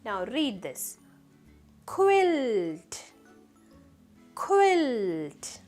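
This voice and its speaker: A woman teaches young children their letters. Her voice sits high and swings up and down, and she sounds out each letter slowly and carefully, with soft music faintly behind her. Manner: slow and deliberate, sounding out letters, asking the children questions. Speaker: kindergarten teacher. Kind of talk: phonics lesson for young children.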